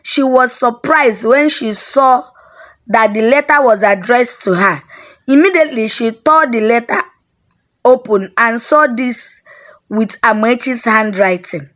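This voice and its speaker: A woman with a Nigerian accent narrating a folk tale in a steady storybook manner. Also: on the high side, measured pace.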